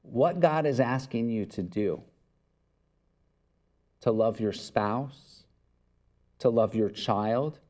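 A man's voice: fairly low pitch, warm tone. A pastor preaching a sermon in an earnest, conversational way, acting out little dialogues and chuckling as he goes.

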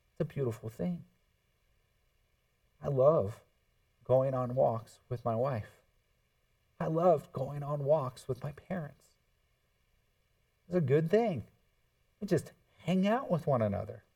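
A man preaching a sermon in a mellow, dark voice that sits a little high. He is heard from some distance off the microphone. His delivery swings between hushed reflection and emphatic bursts, and he acts out quoted speech as he goes. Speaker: pastor.

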